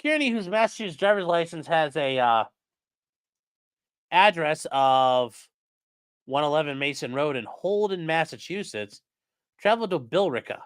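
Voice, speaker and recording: Smooth-voiced guy rambling on his stream, swears a lot, keeps joking with chat. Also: fairly high pitch, animated, moderate pace, pauses often. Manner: rambling, profane, jokey asides to chat. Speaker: livestream host. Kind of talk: casual live-stream commentary.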